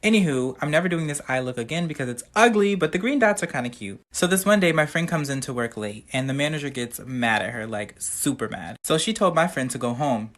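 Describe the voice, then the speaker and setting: A woman's voice: very deep voice, lively intonation, brisk, hardly any pauses, fairly bright tone. A woman telling a story in a sassy, gossipy way. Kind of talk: casual storytime.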